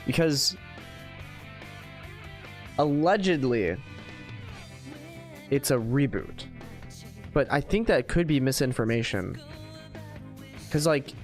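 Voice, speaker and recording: Man, streamer, casual game commentary, rambling chatty talk, mid pitch, faint game music behind. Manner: chatty, rambling, many fillers like "like".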